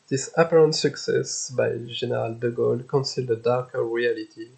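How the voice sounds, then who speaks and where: A man from France with a French accent, giving a prepared conference talk as a historian in a steady, measured way. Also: medium pitch, gravelly, husky, lo-fi sound. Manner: steady, measured delivery, reading from slides. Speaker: historian presenting a paper.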